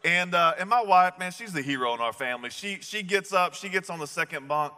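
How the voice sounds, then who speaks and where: A man's voice: sits high, expressive, a little fast, bright, forceful tone. A man, preaching a sermon in a casual, chatty storytelling way. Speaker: pastor. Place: large church hall. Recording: echoey church hall.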